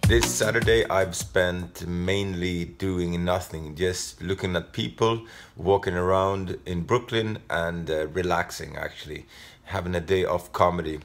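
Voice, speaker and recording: A middle-aged man from Sweden with a Swedish accent, a comedian talking casually to camera in a halting, self-deprecating way with many fillers. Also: low voice, steady tone, faint music behind. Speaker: comedian vlogger. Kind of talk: casual vlog talk.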